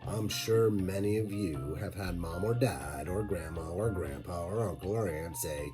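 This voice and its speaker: A man narrating a lesson for children, talking slowly and deliberately and addressing the kids directly. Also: sits low, music in the background. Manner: slow, deliberate, talks straight to kids. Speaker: teacher.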